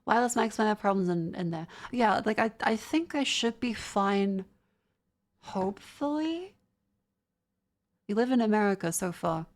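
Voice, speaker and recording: A woman's voice: mid-range voice, brisk, few pauses. A young Australian woman streaming live, chatting with viewers and reading their messages aloud, often stumbling and restarting. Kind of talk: casual live-stream chat.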